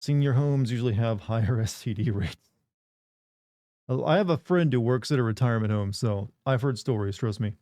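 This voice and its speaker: A man riffing with his live chat in loose, joking banter. His voice is warm and mellow at a middling pitch. He is recorded close and dry on a desk mic. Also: normal speed, dry recording. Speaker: livestream host. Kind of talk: casual live-stream chat.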